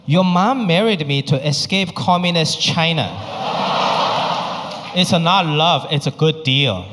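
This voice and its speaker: A man voicing his deadpan older immigrant father, speaking flat, matter-of-fact broken English. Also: on the high side, a little slow, heavy background noise. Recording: live show in a reverberant hall.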